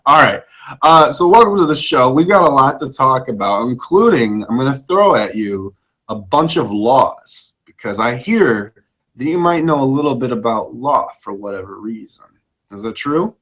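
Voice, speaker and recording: A man's voice: medium pitch, big pitch swings, moderate pace, fairly bright tone. A young man hosting a casual live-stream talk show, jokey and self-deprecating, stumbling over words as his voice cracks.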